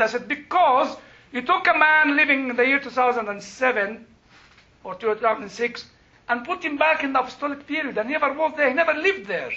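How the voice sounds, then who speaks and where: High, bright older man teaching Bible class. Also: brisk, dull audio. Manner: animated, laughing, rising to emphatic bursts. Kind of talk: classroom storytelling and Q&A.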